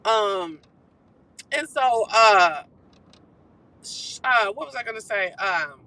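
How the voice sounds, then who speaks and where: A live-stream host dishes gossip from behind the wheel, talking quickly and swearing freely. The voice is bright and forceful, with an animated, chatty delivery. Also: mid-range voice, rough recording. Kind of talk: casual gossip recap. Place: car while driving.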